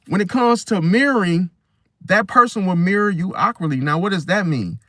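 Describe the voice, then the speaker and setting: Emphatic man with a fairly high voice. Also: animated, normal speed, a bit bright, dry recording, clean studio sound. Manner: emphatic, keeps asking "See?", repeats phrases. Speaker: astrology channel host. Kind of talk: casual monologue to camera.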